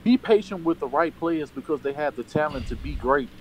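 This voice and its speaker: A man's voice: a little high, lively intonation, fairly quick, poor audio. Man, casual sports talk, emphatic, curses, faint background hiss. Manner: emphatic, profane, repeats phrases for emphasis.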